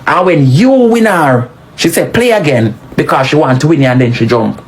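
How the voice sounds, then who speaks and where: A woman with a Jamaican accent giving animated, scolding patois commentary, swinging her pitch up and down for emphasis. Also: moderate pace. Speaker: social media commentator.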